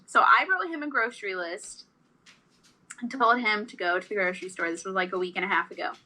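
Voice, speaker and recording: A woman's voice: medium pitch, brisk, low-quality recording. A woman co-hosting a casual podcast chat, telling stories animatedly and acting out the quotes. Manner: animated storyteller, acts out quotes. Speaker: podcast co-host.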